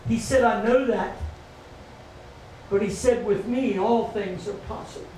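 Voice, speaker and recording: A middle-aged pastor with a high voice preaches in a repetitive call-and-response style. He is picked up from a distance in an echoey church, with faint ambient noise behind him. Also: a little slow, a little mellow. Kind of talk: sermon. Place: church sanctuary.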